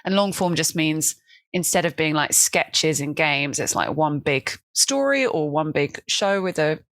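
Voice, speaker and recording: Chatty lower-voiced woman, dry sound. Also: expressive, a little slow, fairly bright tone, dry recording. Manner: chatty and self-mocking, laughs often. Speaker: guest improviser. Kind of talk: casual podcast interview.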